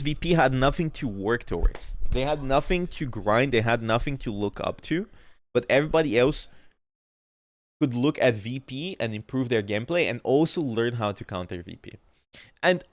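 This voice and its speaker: A man's voice: medium pitch, dry recording. A young man with a stuffy nose, commenting on an esports match in blunt, profane, rambling talk on a livestream. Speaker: esports streamer.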